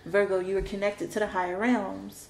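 A woman's voice: medium pitch, level tone, moderate pace, vocal fry. A woman giving a spoken tarot card reading, emotional and dramatic, repeating her phrases for emphasis. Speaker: tarot reader. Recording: roomy echo with faint background noise.

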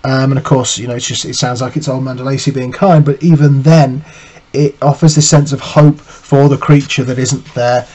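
A man's voice: medium pitch, steady tone, normal speed, a little mellow, poor audio. A male teacher giving a literature lesson, reading quotes aloud and analysing them, with frequent fillers and restarts. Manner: thoughtful, frequent "you know" fillers and restarts.

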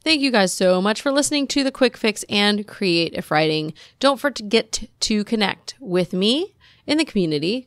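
A woman's voice: medium pitch, expressive, normal speed, faint music behind. A woman hosting her own solo podcast, chatting in an upbeat way straight to her listeners. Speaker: podcast host.

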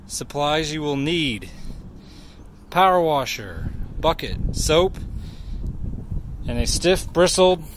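Slow-talking man giving a how-to demo. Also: on the high side, lively intonation, slight background noise. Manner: slow, plain instructional talk. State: out of breath. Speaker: shop employee demonstrating. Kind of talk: how-to demonstration.

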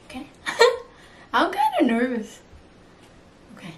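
A woman's voice: high-pitched, huge pitch swings, slow pace. A young woman with a Nepali accent, chatting casually in a food-tasting vlog and switching between English and Nepali. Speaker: vlogger. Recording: roomy, distant mic, faint noise.

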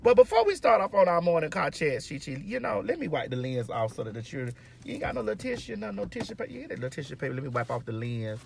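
A woman's voice: on the low side, very animated, fast, vocal fry, few pauses, a little mellow, slight background noise. A woman hosting a casual car chat to her phone camera, brassy and flamboyant, calling everyone "girl" and "honey". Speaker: vlog host. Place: inside a car.

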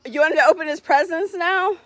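A woman's voice: very high-pitched, quick pace, heavy background noise. A woman hosting a casual livestream, talking cheerfully to her dogs and laughing often. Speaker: dog owner hosting a livestream.

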